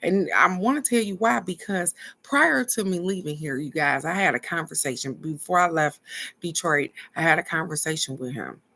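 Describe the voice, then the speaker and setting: Woman host, earnest casual storyteller, low voice with a gravelly edge, speaks directly to viewers. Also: lively intonation, normal speed, pushed and bright. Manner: earnest, reflective, talks straight to viewers. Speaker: spiritual card-reading host.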